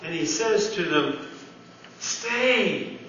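Pastor preaching in an echoey hall. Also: male voice, on the high side, takes it slowly, bright, forceful tone, a little hiss or hum. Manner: earnest, conversational preaching with questions to the congregation. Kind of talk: sermon. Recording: distant roomy church sound, dull.

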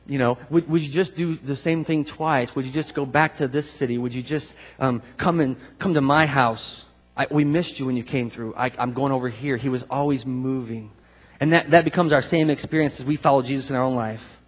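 A man preaching a sermon in a conversational, animated way, acting out voices of people he quotes. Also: mid-range voice, a little fast, breathy edge. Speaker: pastor. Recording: long hall reverb.

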